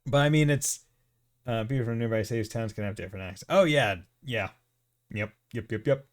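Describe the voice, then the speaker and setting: A man's voice: medium pitch, quick pace. A man with a New England accent giving casual, rambling commentary over a video game, laughing often. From United States. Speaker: let's play host.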